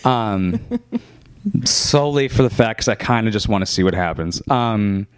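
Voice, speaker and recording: Young male co-host, slightly low voice, crude and profane banter. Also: lively intonation, moderate pace, clean tone, dry recording. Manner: crude, joking, swears a lot, chews into the mic. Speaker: podcast co-host. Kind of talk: casual chat.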